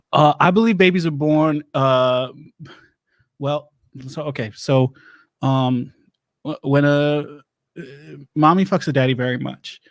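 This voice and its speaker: A man playing a rambling, divorced doomsday-prep lecturer who hosts an improvised comedy show, talking in halting, deadpan stops and starts. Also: fairly high pitch, dry recording, clean studio sound, natural voice.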